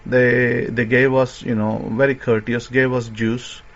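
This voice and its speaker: A male religious teacher speaking at a middle pitch, telling a long story in sermon style. He rambles, circles back and restarts his phrases. The recording is dull and lo-fi. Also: level tone, measured pace. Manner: rambling, many fillers and restarts.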